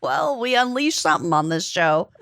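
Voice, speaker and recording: A woman's voice: fairly high pitch, very animated, normal speed, vocal fry, fairly bright tone, no echo, studio quality. A woman co-hosting a podcast, telling stories expressively and laughing. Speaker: podcast co-host. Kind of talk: casual chat.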